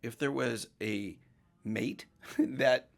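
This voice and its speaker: Gravelly-voiced man explaining emphatically. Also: medium pitch, extremely slow. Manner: emphatic, talks in long explanatory runs. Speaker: mortgage professional guest. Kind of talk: casual podcast conversation.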